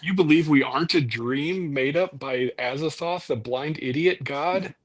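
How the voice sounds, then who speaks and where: A man in a casual group chat, asking joking questions in a deadpan way. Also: on the high side, measured pace.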